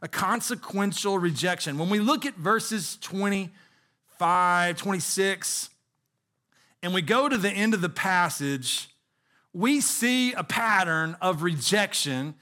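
A man's voice: high voice, animated, a little slow, sharp tone. A middle-aged man preaching a sermon as pastor, earnest, asking the congregation rhetorical questions.

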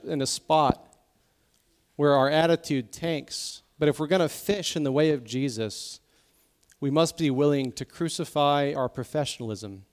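A man pastor giving a sermon in a conversational, emotional way, sometimes dropping to soft, intense tones. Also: mid-range voice. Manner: conversational preaching, acts out quoted voices.

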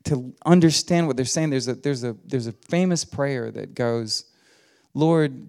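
A middle-aged man delivers a sermon, his voice carrying a gravelly edge. He tells stories in a folksy, easygoing way. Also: medium pitch, mellow. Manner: folksy storytelling with laughs and quoted voices. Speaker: pastor.

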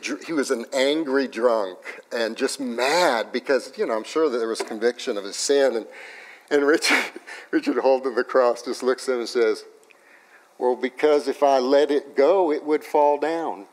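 A man preaching a sermon, telling a personal story in an animated way that swings from loud to hushed, in a church. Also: mid-range voice, normal speed. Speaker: pastor.

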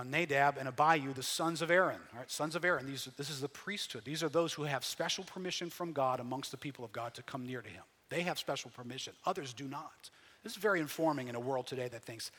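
Animated man preaching in a big hall. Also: mid-range voice, slightly rough. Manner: animated, swings from quiet to shouting. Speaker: pastor. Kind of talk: sermon.

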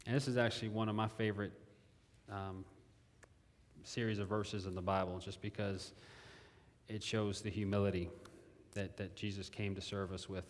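A man's voice: lowish voice, level tone, normal speed. A man preaching a sermon in a conversational way, repeating phrases and asking his listeners questions. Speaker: pastor. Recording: long hall reverb.

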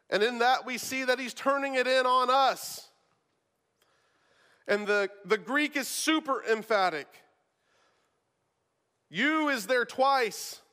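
A man's voice: extremely high pitch, sharp tone, big-room sound. A male pastor preaching a sermon, talking casually and often repeating words as he starts a thought.

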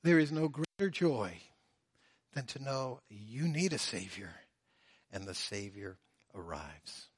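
A man preaching a sermon, swinging between loud, drawn-out emphasis and hushed, low phrases. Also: big pitch swings, husky, no echo, clean studio sound. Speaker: pastor.

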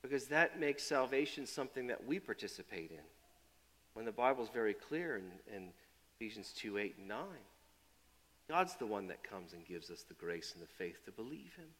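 A man preaching a sermon. His delivery swings from loud, emphatic build-ups to quiet, low asides, and he often repeats and restarts phrases. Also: sing-song, moderate pace, big-room sound. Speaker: pastor.

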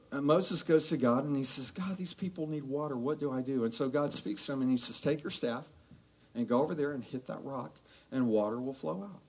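Animated man preaching a sermon. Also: mid-range voice. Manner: conversational, animated storytelling with quoted voices. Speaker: pastor.

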